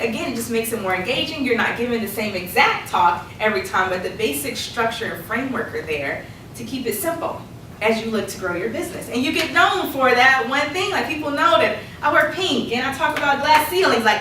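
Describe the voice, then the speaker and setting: A woman coaching a workshop audience on public speaking, lively and laughing often as she acts out quotes. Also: on the high side, recorded from a distance, slight background noise. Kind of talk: workshop presentation. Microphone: distant room mic. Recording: echoey room recorded from afar.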